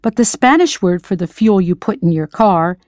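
A patient, encouraging American woman leads a scripted audio language lesson, prompting the listener to answer. Her voice sits at a middle pitch. The sound is close and dry, with no room around it. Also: animated, normal speed, darkish tone, no echo. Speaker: language teacher.

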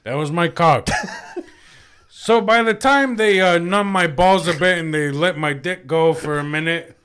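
A man co-hosting a casual comedy podcast, telling a crude story with lots of swearing and animated bursts. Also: fairly high pitch, unhurried, clean tone. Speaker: podcast co-host.

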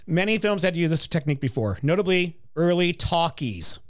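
Male co-host, slightly high, very animated delivery, quick to laugh. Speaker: podcast co-host. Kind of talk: casual chat about a film musical.

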